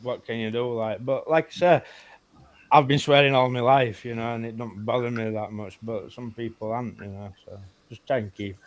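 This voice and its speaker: A man's voice: mid-range voice, steady tone, normal speed. A man hosting a casual group chat, easygoing and friendly, calling guests mate and brother. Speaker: host of the chat stream.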